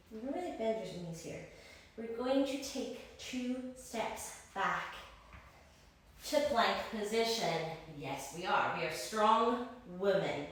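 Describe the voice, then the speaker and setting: A woman's voice: on the high side, distant mic, a little hiss or hum. A woman guiding yoga in an echoey room. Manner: encouraging cues, breath counting. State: a little out of breath. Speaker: yoga instructor. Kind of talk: guided yoga class.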